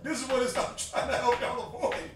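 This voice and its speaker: A man's voice: very high voice, animated, a little fast. A man with a Southern US accent teaching a religious class in a casual, joking, conversational way, laughing often and using slang. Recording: echoey room, mic far off, faint hiss.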